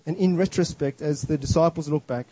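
A man's voice: fairly high pitch, fairly quick, dark tone, slightly rough, no room sound, low-quality recording. A man preaching a sermon in an earnest, emphatic way, often restarting his words.

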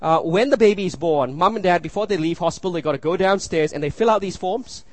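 A man's voice: high voice, fast talker, dry recording. Earnest male preacher, dry close sound. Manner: earnest, repeats phrases, asks the room "you see?". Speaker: pastor. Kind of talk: sermon.

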